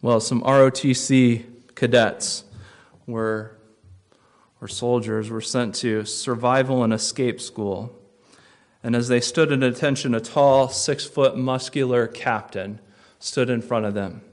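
A man preaching a sermon, telling stories and dropping to a near hush for tense moments before rising for emphasis. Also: medium pitch, fairly even intonation, unhurried. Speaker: pastor.

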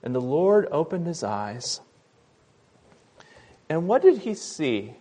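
A man preaching a sermon, retelling a Bible story, loud and emphatic in some passages and quiet and soft in others. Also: fairly high pitch, very animated, takes it slowly. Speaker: pastor.

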